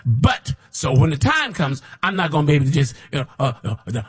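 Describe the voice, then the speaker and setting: A man with a slightly high, husky voice delivers an impassioned sermon, speaking as a prophet. He hammers his points with repetition and swings into loud mocking imitations of his listeners. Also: sing-song, fairly quick, hardly any pauses. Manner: preachy, repetitive, rises to shouts when mimicking others. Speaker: self-styled prophet preacher.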